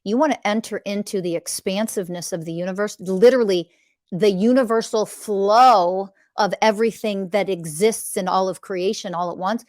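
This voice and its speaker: A woman's voice: mid-range voice, moderate pace, darkish tone, no echo, clean studio sound. A woman hosting a spiritual podcast, giving an impassioned, blunt teaching monologue that repeats phrases like mantras and swears for emphasis.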